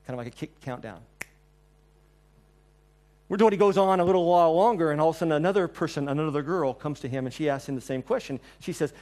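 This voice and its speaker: Animated, slightly high-voiced male preacher. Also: fast talker. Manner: animated storyteller, acting out quotes, swings between loud and soft. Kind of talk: sermon.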